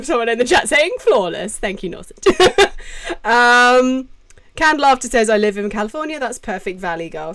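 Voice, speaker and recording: A woman's voice: on the high side, lively intonation, a little slow, long pauses, a bit bright. Chatty British woman streaming from home. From Britain. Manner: chatty and self-interrupting, reading chat names aloud. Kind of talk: casual live-stream Q&A chat. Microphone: desk mic with adjustable gain.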